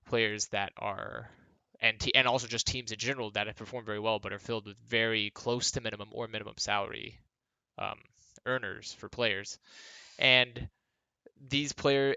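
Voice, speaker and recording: A man's voice: mid-range voice, pushed and bright, clean tone, dry recording. A tired young man, a former esports pro, talking in a casual vlog monologue from his home workspace, rambling with lots of fillers and dry sarcasm.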